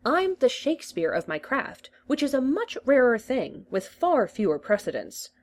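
A woman's voice: high-pitched, very animated, moderate pace, pitched above the performer's own voice. A woman reading a story aloud, voicing a scheming male Time Lord who coaxes, teases and boasts. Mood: teasing. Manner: coaxing, teasing and boastful.

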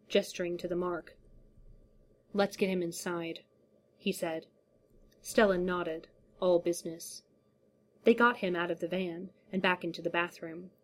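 Brief: woman audiobook narrator, lower pitch, unhurried, measured delivery. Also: slight background noise. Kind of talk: scripted story narration.

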